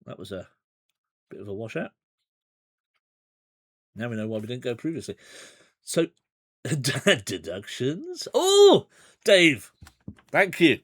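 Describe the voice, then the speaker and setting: A man's voice: medium pitch, very animated, a little slow, pauses often, a bit bright, husky. A man playing through a gamebook on a livestream, chatty and rambling with side remarks and chuckles. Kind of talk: casual livestream gamebook playthrough.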